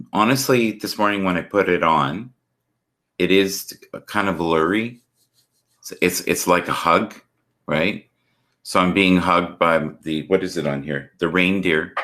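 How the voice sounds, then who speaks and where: Very low male voice, host, earnest spiritual chat, video call sound. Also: bright, forceful tone. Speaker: livestream host. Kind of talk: casual chat.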